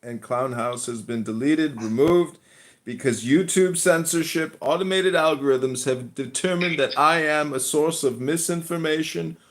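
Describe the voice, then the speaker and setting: High, bright-voiced ranting man. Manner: trolling, ranting, deliberately annoying voice. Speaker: call-in guest. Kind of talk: provocative livestream rant.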